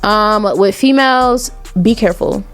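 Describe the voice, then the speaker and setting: A young woman. She is a podcast guest telling stories in a casual, animated way and acts out what her relatives said. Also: a little high, measured pace, smooth, soft background music. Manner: animated, quotes family members in dialogue. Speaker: interview guest. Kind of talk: casual storytelling.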